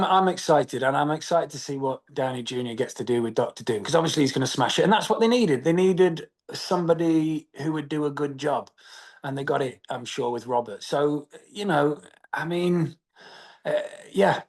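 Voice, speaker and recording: An English actor talks in a casual interview. His voice sits a little high, and he speaks in animated bursts with lots of fillers and restarts. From England. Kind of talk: press junket interview.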